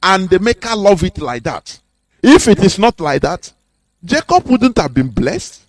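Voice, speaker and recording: A man's voice: sits high, sing-song, measured pace, dry recording. A man giving an impassioned, preachy radio talk full of rhetorical questions. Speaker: radio host.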